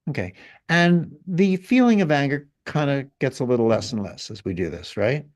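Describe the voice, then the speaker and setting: A man guiding someone through a feeling exercise in a calm, gently directive coaching way. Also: mid-range voice, moderate pace. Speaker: guest healer leading an exercise. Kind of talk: guided exercise in conversation.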